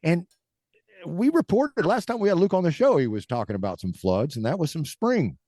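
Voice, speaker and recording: A man hosting a podcast in a chatty, upbeat way, quick to laugh. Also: on the high side, big pitch swings, dark tone. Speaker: podcast host. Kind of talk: casual podcast chat.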